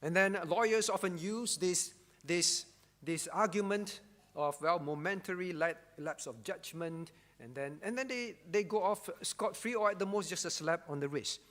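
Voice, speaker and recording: Male pastor, high-pitched, emphatic sermon delivery with repeated phrases, long church-hall reverb. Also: moderate pace, fairly bright tone. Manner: emphatic, repeats key phrases, frequent rhetorical "all right?".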